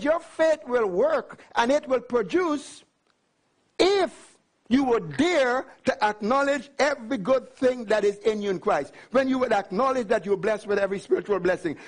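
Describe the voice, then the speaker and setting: High-voiced man preaching emphatically. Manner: emphatic, repetitive, asks the listeners questions. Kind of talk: sermon.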